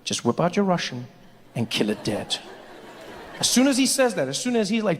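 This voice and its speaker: A man's voice: high voice, huge pitch swings, moderate pace, pauses often, a bit bright. A man performing a stand-up comedy set on a large stage, telling stories animatedly and jumping into character voices. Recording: stage mic with long hall reverb, faint hiss.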